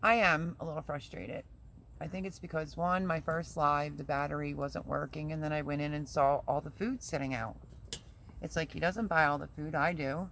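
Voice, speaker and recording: A woman's voice: sits low, fairly even intonation, moderate pace, fairly bright tone, slight background noise. A woman hosting a casual live stream who vents chattily and reads viewer comments aloud. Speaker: livestream host.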